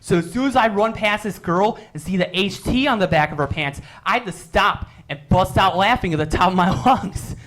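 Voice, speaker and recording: A man doing a stand-up comedy set, telling silly stories with deadpan punchlines. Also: high-pitched, a little fast, hardly any pauses.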